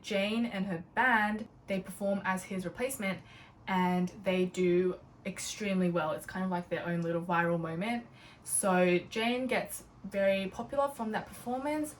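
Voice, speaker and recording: Young woman, bubbly and chatty, casual vlog delivery, slightly distant mic with light room noise. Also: medium pitch. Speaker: book vlogger. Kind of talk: casual book haul chat.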